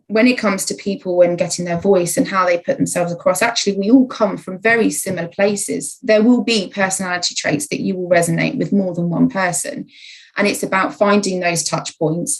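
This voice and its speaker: Podcast guest: woman, lowish voice, measured and explanatory. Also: low-quality recording. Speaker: podcast guest, content writer. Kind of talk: conversational interview.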